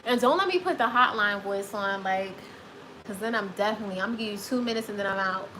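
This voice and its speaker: A woman hosting a live stream, reading chat comments and giving dating advice in a sassy, animated way, with speech. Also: mid-range voice, fast talker, background noise. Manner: sassy, animated, repeats phrases for emphasis.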